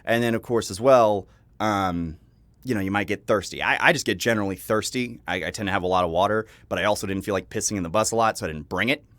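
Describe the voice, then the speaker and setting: A man's voice: lowish voice, fast talker, fairly bright tone, no echo. A young man telling a personal story in a casual vlog, rambling with frequent laughs and restarts, swearing now and then. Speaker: vlogger. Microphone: home microphone.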